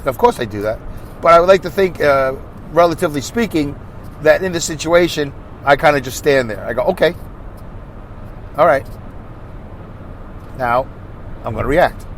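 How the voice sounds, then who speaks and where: A man's voice: fairly high pitch, expressive, moderate pace, long pauses. A man hosting his podcast alone, rambling through a monologue full of fillers and restarts while he drives. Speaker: podcast host. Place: car driving on a highway. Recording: faint road noise in a moving car.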